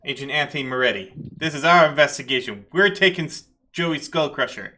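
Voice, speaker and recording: A man's voice: fairly high pitch, animated, a little fast, sharp tone, a little hiss or hum, pitched above the performer's own voice. A man voicing a brash, dismissive male FBI agent in a tabletop game. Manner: brash, bossy.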